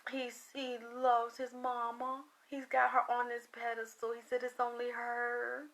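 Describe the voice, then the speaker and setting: A woman's voice: a little high, completely flat delivery, measured pace, fairly bright tone. A tired woman talking to her livestream viewers, emotional and rambling, often trailing off into sighs. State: tired from late night. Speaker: psychic reader.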